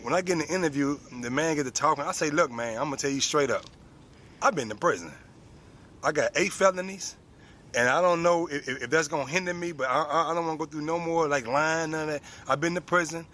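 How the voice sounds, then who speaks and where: A man's voice: on the high side, fast, bright, forceful tone. A man in his forties telling a personal story, plain spoken and full of street slang. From United States. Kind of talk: personal story told to an audience.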